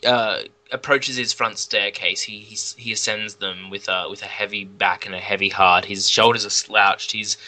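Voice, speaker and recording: A man telling a made-up comic film plot in casual, rambling chat, with lots of restarts and deadpan jokes. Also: fairly low pitch, normal speed, hardly any pauses, low-quality recording. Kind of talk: casual comedic storytelling.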